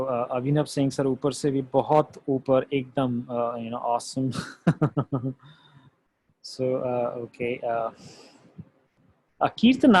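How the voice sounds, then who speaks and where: A man with an Indian English accent teaching a live online coding class, reading out viewer comments, talking haltingly with many fillers and switching between English and Hindi. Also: on the high side, no room sound, low-quality recording.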